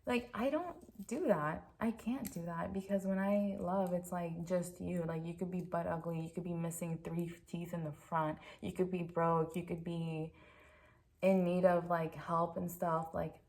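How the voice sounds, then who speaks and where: Young woman ranting to her camera, says like a lot, swears freely, lowish voice. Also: steady tone, a little slow, a little mellow. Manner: rambling, peppered with "like", frank and profane. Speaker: vlogger. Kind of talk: casual storytime vent.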